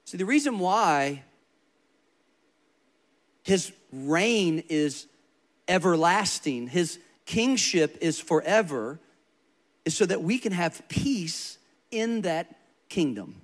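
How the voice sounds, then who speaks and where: Emphatic preaching man, higher voice. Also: sing-song, slow pace, long pauses. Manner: storytelling, emphatic repetition. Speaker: pastor. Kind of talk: sermon.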